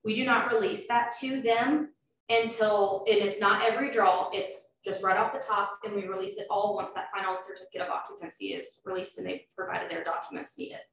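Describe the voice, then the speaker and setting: A woman's voice: medium pitch, fairly even intonation, fairly quick, fairly bright tone. Woman explaining loans, echoey room. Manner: explanatory, filler-heavy. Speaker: loan officer presenting. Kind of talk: informal presentation. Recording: echoey room, far from mic, faint noise.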